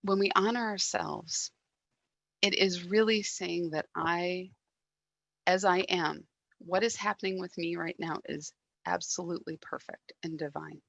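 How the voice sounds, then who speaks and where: Gentle woman with a gravelly, low voice. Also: steady tone, dry recording. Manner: reflective and gentle, with soft pauses and drops in volume. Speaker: guest speaker at a church service. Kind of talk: sermon.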